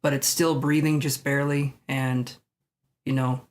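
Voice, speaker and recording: A man's voice: medium pitch, little pitch movement, measured pace. A man reading tarot cards live for viewers, chatting loosely and thinking aloud with self-mocking asides. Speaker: tarot reader.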